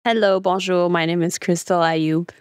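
A woman's voice: fairly low pitch, fairly even intonation, moderate pace, no room sound, clean studio sound. A woman from Lebanon, a podcast guest, introducing herself in a cheerful way. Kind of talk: casual interview chat.

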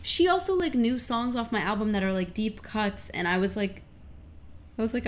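A young woman livestreaming, chatting casually and excitably with her viewers, swearing now and then. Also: medium pitch, moderate pace. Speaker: livestreamer answering chat questions. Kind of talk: casual chat.

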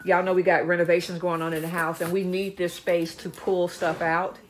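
A woman talks casually to her viewers from home, showing off a haul. Her voice sits a little low and she gushes, repeating words for emphasis. A faint hum of room noise sits underneath. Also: level tone, fairly quick. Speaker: vlogger showing a dumpster-diving haul. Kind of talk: casual chat to camera. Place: home, indoors.

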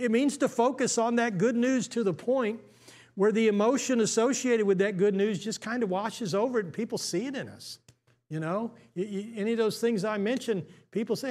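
A man's voice: high voice, a little mellow. An American man, a pastor, preaching a sermon in a conversational way, full of restarts and stammers.

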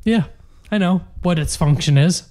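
A man's voice: high voice, normal speed, dark tone. A young man co-hosting a podcast in casual chat, exasperated and ranting with plenty of swearing. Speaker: podcast co-host.

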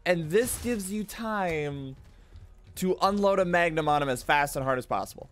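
A man streaming a video game, joking and swearing through casual gameplay commentary, breaking into sudden high-pitched outbursts. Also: lively intonation, normal speed, a bit bright.

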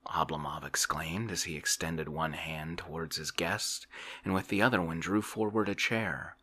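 A man reading a classic novel aloud in a soft ASMR style, slow and soft-spoken, sometimes slipping into a whisper. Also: sits low, husky. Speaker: ASMR reader.

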